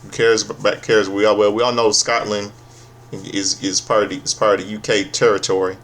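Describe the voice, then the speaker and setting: A man with a lowish voice recaps a wrestling show in a loose, casual way. He is sarcastic and swears freely. He often stumbles over his words and restarts his sentences. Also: little pitch movement, fairly bright tone. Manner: profane, sarcastic, halting with restarts.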